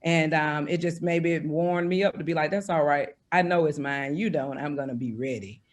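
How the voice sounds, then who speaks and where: High-voiced man hosting a video call. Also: moderate pace. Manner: reflective, encouraging, rambling. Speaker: host. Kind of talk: casual video-call conversation.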